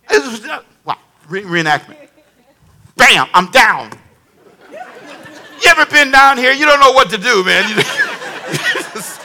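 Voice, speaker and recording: A man preaching a sermon as pastor, telling funny stories and calling for the congregation to answer back. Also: high voice. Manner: animated, humorous storytelling with call-and-response.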